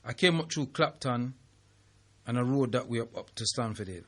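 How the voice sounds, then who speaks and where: A man hosting a call-in radio talk show, talking in a relaxed, conversational way and slipping into patois. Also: mid-range voice, normal speed.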